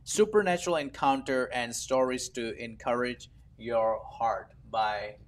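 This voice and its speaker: A man hosting a TV interview, asking halting questions with plenty of enthusiasm. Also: mid-range voice, slight background noise. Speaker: TV interview host.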